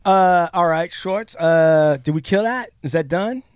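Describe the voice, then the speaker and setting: A man co-hosting a podcast, telling a profane, animated story in casual chat. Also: high voice, unhurried, clear, resonant tone, dry recording, clean studio sound. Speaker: podcast co-host.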